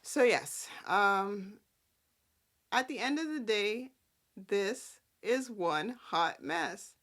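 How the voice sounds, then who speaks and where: A woman hosting a casual soap-opera recap, sassy and animated, often breaking into character quotes. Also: mid-range voice, drawn-out words. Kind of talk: casual chat.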